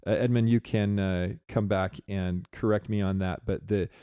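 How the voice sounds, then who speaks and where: A man's voice: fairly low pitch, fairly even intonation, moderate pace, warm tone, clean tone, no echo. A man co-hosting a podcast in casual chat, rambling and reading listener comments aloud. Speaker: podcast co-host.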